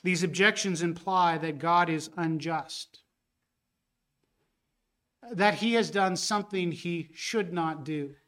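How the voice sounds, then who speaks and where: A man preaching a sermon as pastor, earnest and building to a forceful rebuke, with frequent restarts. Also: a little high, slow, long pauses.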